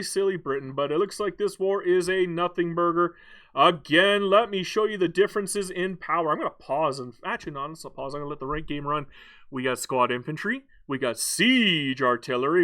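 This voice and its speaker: A man's voice: a little high, fairly bright tone. A man giving casual, playful and boastful commentary while playing a strategy game, rambling with frequent restarts. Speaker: gaming YouTuber.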